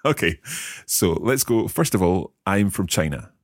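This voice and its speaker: A man hosting a language lesson podcast, asking questions and slowly repeating practice phrases after the teacher. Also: sits low, expressive, no echo, studio quality. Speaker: podcast host learning Mandarin.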